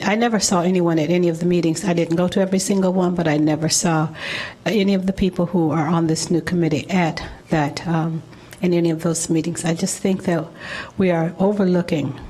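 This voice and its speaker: Hesitant woman with a lowish voice. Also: fairly even intonation, darkish tone, breathy edge. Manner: halting, full of ums and restarts. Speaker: public commenter. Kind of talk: public comment at a city meeting. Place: city council meeting room.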